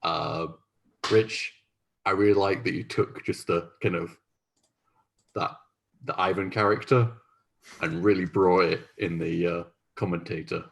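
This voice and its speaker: A man reflecting thoughtfully after a tabletop game, hesitant and pausing often. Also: deep voice, steady tone, vocal fry.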